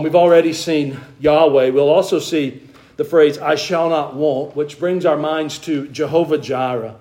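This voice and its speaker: A man from the American South preaching to his congregation in a church. His voice sits a little higher than most men's. He preaches with earnest, shifting emphasis and puts questions to the crowd. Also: a little mellow. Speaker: pastor. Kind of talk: sermon.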